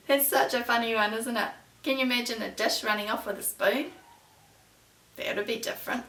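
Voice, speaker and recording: A woman, a preschool teacher who reads poems and chats to young children in a warm, sing-song, encouraging way. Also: fairly high pitch, a little fast. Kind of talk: storytime lesson for young children. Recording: echoey room, voice from far off the mic.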